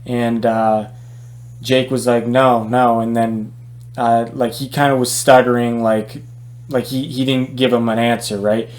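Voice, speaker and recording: Male boxing vlogger, mid-pitched, opinionated and chatty, stumbles and restarts a lot. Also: flat delivery, a little slow, darkish tone. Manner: conversational, opinionated, many fillers and restarts. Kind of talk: casual opinion vlog.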